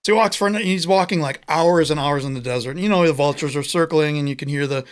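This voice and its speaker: Man, slightly high voice, co-host, rambling joke teller, casual. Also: fast, smooth. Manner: rambling storyteller, searches for words. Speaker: podcast co-host. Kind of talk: casual joke telling on a live show.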